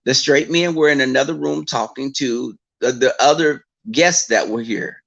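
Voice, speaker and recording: A man chatting casually to his viewers, telling stories in an animated way and breaking into mocking impressions of others. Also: medium pitch, moderate pace, gravelly.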